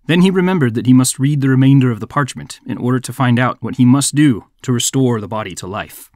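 Male podcast narrator, mid-pitch, dry booth sound, measured folk-tale reading. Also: a little mellow, dry recording. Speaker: podcast host.

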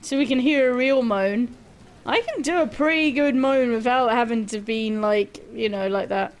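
A woman's voice: a little high, normal speed. A young woman streaming a shooter game, chatting casually with her viewers, joking, laughing and swearing freely. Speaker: gaming streamer.

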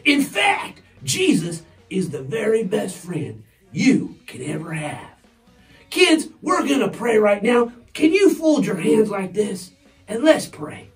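Slow, lively kids' church host. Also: mid-range voice, distant mic. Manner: slow and lively, addressing kids. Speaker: children's church host character. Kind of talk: children's lesson and prayer. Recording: voice from back, faint music.

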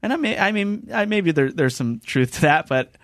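In a clean-sounding podcast studio with no room sound, a man with a slightly high voice speaks at a moderate pace. As host of a casual podcast chat, he tells lively stories and performs the voices of the people involved, acting out their quotes.

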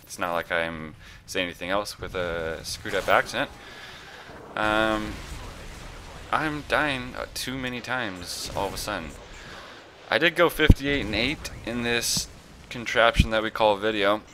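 A man's voice: lowish voice, measured pace, background noise. A young man rambling through casual game commentary, self-mocking and full of fillers and mild cursing. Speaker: gameplay commentator.

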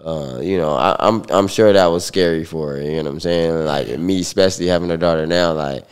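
A man recounting a personal story in a relaxed interview, talking loosely with many fillers. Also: deep voice, a little fast, clear, resonant tone. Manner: relaxed, loose, full of fillers like "like" and "you know". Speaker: guest.

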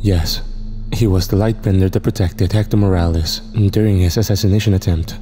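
A man narrating a first-person horror story in a steady, reflective way. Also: sits low, a little fast. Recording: reverb with faint music.

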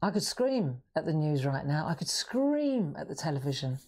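Low, mellow-voiced woman craft streamer. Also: very animated, measured pace. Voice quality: slightly croaky. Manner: chatty and reassuring, talks to viewers in chat. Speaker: craft livestream host. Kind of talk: casual live-stream chat.

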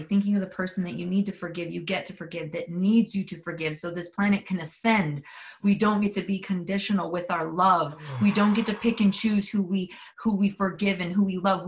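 A woman's voice: on the low side, vocal fry. A woman leading a guided spiritual session from a mountain home, earnest and intimate, swearing freely and leading call-and-response prayer. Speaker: spiritual workshop leader.

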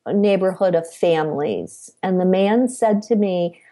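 A middle-aged woman, a podcast guest, recounting her life in a measured storytelling way. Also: fairly low pitch, warm tone. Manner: measured, acts out quoted dialogue. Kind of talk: personal storytelling.

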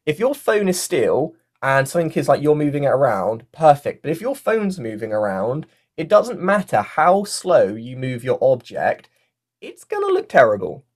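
Chatty animated workshop facilitator. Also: medium pitch, moderate pace. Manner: chatty, with many fillers like "like" and "you know". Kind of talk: casual online workshop teaching, reading out chat comments. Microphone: mic with a fluffy foam cover.

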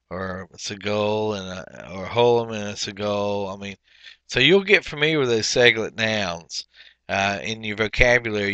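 A man's voice: lowish voice, bright, forceful tone, clean tone, no room sound, lo-fi sound. A man teaching a language workbook lesson, explaining step by step with frequent fillers. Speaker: Hebrew teacher.

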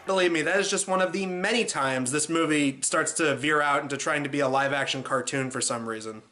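A man reviews a movie in a loose, sarcastic, comedic way. He keeps dropping in "uh" and "like" as he talks. His voice sits a bit higher than most men's. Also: sharp tone. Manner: sarcastic, loose, many fillers like "uh" and "like". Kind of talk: casual comedic review commentary.

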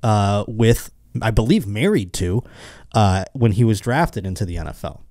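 A man's voice: fairly low pitch, lively intonation, normal speed, darkish tone, no echo, studio quality. A man hosting a comedy podcast, rambling crudely and mocking people with put-on quotes. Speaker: podcast host. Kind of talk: casual comedic podcast banter.

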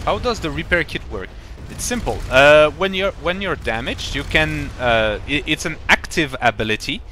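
A man's voice: fairly high pitch, animated, moderate pace, sharp tone, a little hiss or hum. A man commentating a strategy game live, explaining in a rambling, playful way with many fillers and restarts. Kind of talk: casual live-stream commentary.

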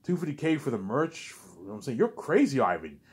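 A man's voice: mid-range voice, big pitch swings, quick pace, husky, pitched above the performer's own voice. A man voicing a pushy, exasperated male film director who nags and keeps repeating the listener's name.

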